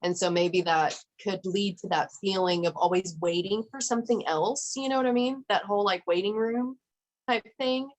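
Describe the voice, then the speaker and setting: A woman's voice: mid-range voice, normal speed, poor audio. A woman in a casual group video chat, talking on and checking in with "you know what I mean?". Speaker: group member.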